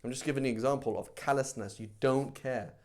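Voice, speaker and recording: A man teaching a live religious class in a conversational, animated way, acting out everyday examples. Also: medium pitch, a little fast. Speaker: Islamic teacher.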